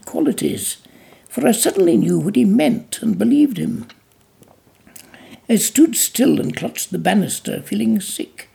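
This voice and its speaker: A gravelly, husky audiobook narrator reading a novel in a measured storytelling pace. The tone is dark and mellow, and the pitch roves widely through each sentence. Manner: measured storytelling with small slips and restarts.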